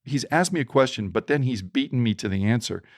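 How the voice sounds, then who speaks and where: A middle-aged man coaching on storytelling in a podcast interview, animated and acting out the voices in his anecdotes. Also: medium pitch, a little fast, dry recording, studio quality.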